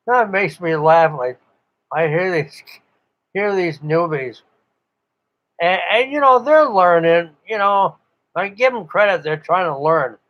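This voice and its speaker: Older man rambling slowly, lo-fi. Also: sits high. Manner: rambling, chuckling storyteller. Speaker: ham radio operator. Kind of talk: casual monologue.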